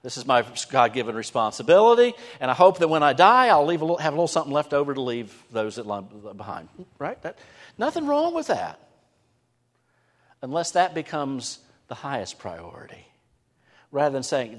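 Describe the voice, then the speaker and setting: A man gives an animated sermon in a church sanctuary, his voice at an ordinary middle pitch. He drops to near-whispers, then swells to emphatic lines. The sound carries a long reverb from the big hall around him. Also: normal speed. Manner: animated preaching, shifting from hushed to emphatic. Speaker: pastor.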